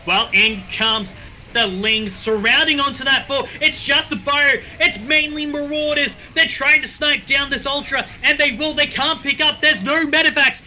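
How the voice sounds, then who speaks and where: A man doing fast, excited play-by-play commentary on a strategy game, speeding up and getting loud in the fights. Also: very high voice, faint music behind, low-quality recording. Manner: speeds up and gets loud in big fights, says he runs out of breath. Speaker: esports caster.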